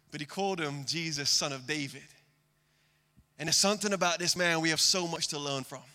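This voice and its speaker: A man preaching a sermon from a stage, earnest, moving between loud emphasis and hushed lines. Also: a little high, in a large hall. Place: stage before a live congregation.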